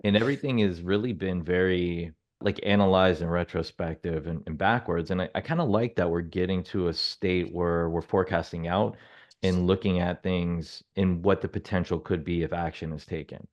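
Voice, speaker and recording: Very deep-voiced man on a business podcast. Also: fairly even intonation, normal speed, highs cut off. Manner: self-deprecating humor, hesitant fillers. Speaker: podcast co-host. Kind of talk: casual business podcast chat.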